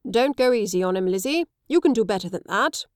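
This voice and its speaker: A woman voicing an older father who teaches swordplay, brisk and commanding. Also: medium pitch, animated, darkish tone, dry recording, studio quality, natural voice.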